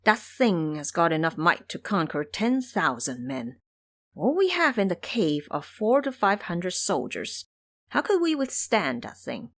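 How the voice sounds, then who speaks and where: A woman narrates an audio drama with expressive, story-told delivery. Her voice sits on the low side and moves widely in pitch. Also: unhurried.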